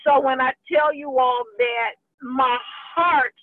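A woman's voice: high-pitched, steady tone, measured pace, hardly any pauses, no room sound. A woman ministry leader giving a fervent, emotional online church address to her group, talking folksy and direct. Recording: dry, tinny phone-like line.

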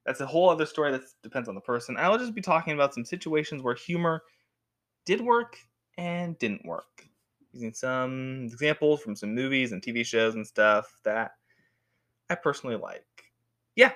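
A woman's voice: very deep voice, a bit bright. A woman rambling casually to camera as a vlogger, chatty and jokey, full of asides and self-corrections. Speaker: vlogger reviewing movies and TV.

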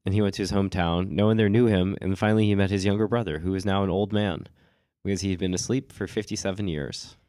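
A man co-hosting a podcast with a cold, telling stories in a relaxed chatty way with lots of "like" and small laughs. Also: deep voice, fast, no echo, studio quality. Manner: relaxed storytelling with frequent "like" and laughs. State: has a cold. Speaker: podcast co-host. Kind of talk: casual chat.

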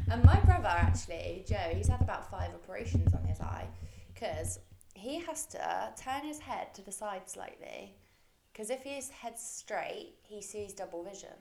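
A young woman co-hosting a podcast, easygoing and quick to react in a casual chat. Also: mid-range voice, expressive, gravelly, darkish tone, soft background music. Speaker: podcast co-host. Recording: echoey room.

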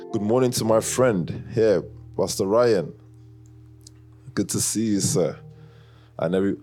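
A man with an African accent leading a church leadership class, talking casually and teasing the congregation with lots of laughter. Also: low voice. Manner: animated, teasing, often laughing, chats with the audience. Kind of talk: casual joking talk to a congregation.

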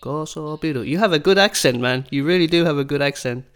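A man hosting a podcast in casual chat, upbeat and curious, slowing down to spell things out for learners. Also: a little high, smooth. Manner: upbeat, curious, slows down for learner-friendly phrasing. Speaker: podcast host.

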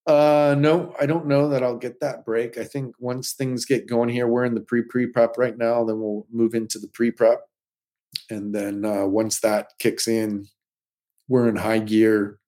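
Middle-aged male guest, stuntman, casual storyteller who slips into quoted voices; average pitch. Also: measured pace. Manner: animated anecdotes with quoted voices.

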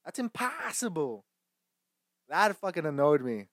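A man's voice: fairly high pitch, very animated, measured pace, a bit bright, dry recording, clean studio sound. A young man hosting a casual movie chat, swearing often, rambling, and laughing between lines. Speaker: host.

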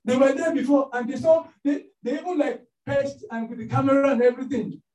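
A man delivers a sermon with a mellow, warm tone. He tells stories in an animated way and fills the gaps with "you know" and "um". His voice carries through an echoey room from a distance. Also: extremely high pitch, a little fast. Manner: animated storytelling with many fillers. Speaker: preacher.

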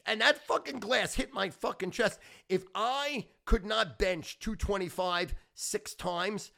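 A man's voice: sits high, slow pace, vocal fry, sharp tone. A middle-aged man hosting a podcast, telling stories in a brash, profane, boastful way. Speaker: podcast host. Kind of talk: casual storytelling monologue.

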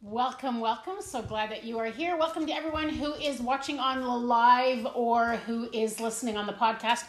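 Woman, middle-aged, chatty devotional host, higher voice, echoey room. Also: normal speed, few pauses. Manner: chatty, laughing, filler-heavy. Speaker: host of a devotional live stream. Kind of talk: casual devotional chat. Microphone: camera at home, seated.

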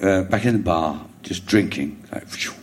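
A middle-aged man with a London accent, a comedian guest telling a rambling anecdote on stage before a live audience, with halting restarts, chuckling as he goes. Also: low voice, a little hiss or hum. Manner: rambling storyteller, halting restarts, chuckles through his stories.

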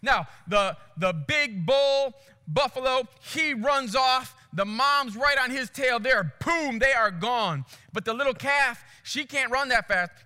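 A male pastor telling a story in a sermon, animated, acting out voices and sounds. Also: extremely high pitch, takes it slowly, clear, resonant tone, long reverb tail.

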